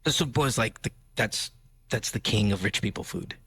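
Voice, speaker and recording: A man's voice: lowish voice, a little fast, pushed and bright, breathy edge, no echo. A man hosting a radio show, talking in a playful, jokey way. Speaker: radio host. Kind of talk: casual radio banter. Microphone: studio microphone.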